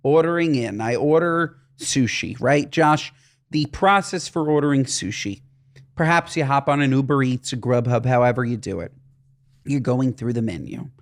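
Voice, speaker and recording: A man's voice: mid-range voice, normal speed. A man co-hosting a comedy podcast, ranting in exasperated comic bursts. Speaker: podcast co-host. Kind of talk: comedic casual podcast chat.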